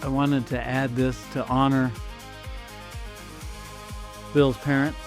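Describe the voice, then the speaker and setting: A man's voice: medium pitch, level tone, slow pace, over music. A man hosting a podcast, sincere and close to tears as he talks. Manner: emotional, sincere, near tears. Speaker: podcast host. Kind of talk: casual podcast chat.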